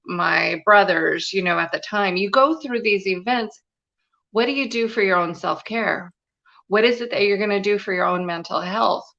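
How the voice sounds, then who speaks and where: A woman's voice: medium pitch, creaky, sharp tone, lo-fi sound. A woman guest telling a personal story in a live interview, earnest and confiding, with many "you know" fillers. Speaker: guest, spiritual and business mentor.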